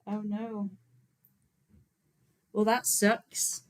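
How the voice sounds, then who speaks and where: A woman talks casually to her livestream viewers, in a relaxed, rambling way with plenty of fillers. Her voice sits at a middle pitch, neither high nor low for a woman. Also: drawn-out words, low-quality recording. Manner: chatty and relaxed, many fillers, frequent laughs. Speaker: vegan activist livestream host.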